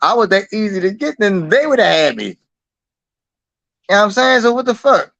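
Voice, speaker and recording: A man's voice: sits high, brisk, vocal fry, no room sound, muffled recording. A man guest in a casual, profane chat who acts out quotes in a raised voice. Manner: animated, swears a lot, acts out quotes in a raised voice. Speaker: interview guest.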